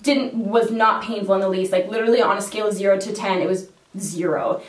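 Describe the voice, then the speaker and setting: A woman's voice: medium pitch, steady tone, quick pace. A woman telling a story to camera in a casual vlog, swearing freely, laughing often and retelling things dramatically. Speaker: makeup vlogger. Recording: roomy echo, mic at a distance.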